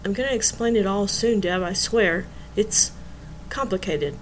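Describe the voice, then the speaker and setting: A woman reading an evasive man who keeps apologizing. He speaks quietly and sidesteps every question. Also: sits high, measured pace, slight background noise, rough recording.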